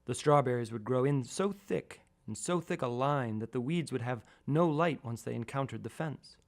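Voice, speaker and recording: A man calmly reading his own first-person radio essay, measured and a little wry. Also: mid-range voice. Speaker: storyteller.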